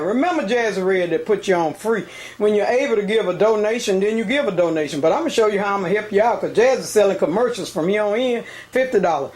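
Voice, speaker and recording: A man hosting an on-location talk show, chatty and lively, out of breath as he talks to viewers. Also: sits high. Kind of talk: casual on-location interview.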